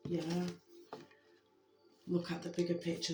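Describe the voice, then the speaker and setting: A spiritual message giver speaking to viewers in a heartfelt way, gently repeating reassurances with many fillers. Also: medium pitch, level tone, slow pace, creaky, long pauses. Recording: roomy echo with faint background music.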